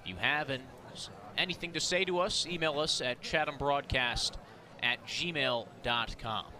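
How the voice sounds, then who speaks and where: A man calling live baseball play-by-play, rattling off pitches and counts, rising to shouts on big plays. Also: measured pace. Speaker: play-by-play announcer. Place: outdoor ballpark broadcast booth. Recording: outdoor ballpark crowd behind. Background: ballpark crowd.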